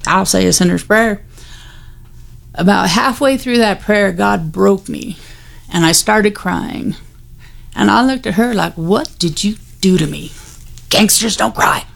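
A woman with a gravelly, fry-laced voice tells her personal testimony in a candid, conversational way. Her delivery is wry and unguarded, with a mid-range pitch. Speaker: guest sharing her testimony.

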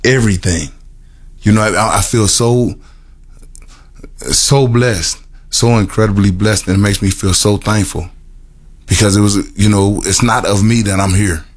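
A middle-aged or older man giving an earnest personal testimony to a group, with halting, repetitive phrasing and many restarts. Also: lowish voice, fairly even intonation. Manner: earnest and emotional, laughs at himself. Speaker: formerly incarcerated man telling his story.

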